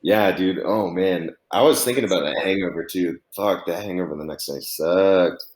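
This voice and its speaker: A man's voice: low-pitched, moderate pace, darkish tone, echoey room. A man in his twenties hosting a casual podcast chat, rambling with lots of fillers and swearing. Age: 20s. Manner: rambling, heavy use of "like" and swearing. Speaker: podcast host.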